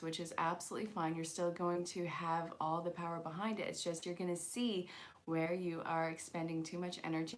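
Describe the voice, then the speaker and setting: Chatty low-voiced woman reading angel cards. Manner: chatty, jokes with viewers' comments; encouraging, spiritual self-help talk. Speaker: angel card reader, channel host. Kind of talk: casual live-streamed card reading.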